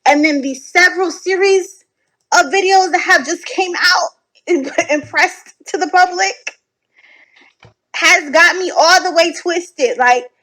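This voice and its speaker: A woman giving casual reaction commentary from home at night, animated, sassy and blunt, swearing freely. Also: very high-pitched, slow, poor audio. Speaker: online commentator reacting to videos.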